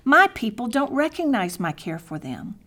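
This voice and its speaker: A middle-aged woman giving a devotional Bible teaching in an earnest manner, dropping to soft, near-whispered tones for prayers and scripture. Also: fairly high pitch, sing-song, moderate pace.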